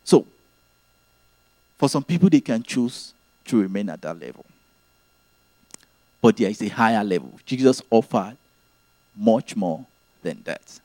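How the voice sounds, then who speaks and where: Lively, earnest male preacher. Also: lowish voice, measured pace, pauses often, no echo. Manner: earnest, teaching, repeats key phrases. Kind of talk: sermon.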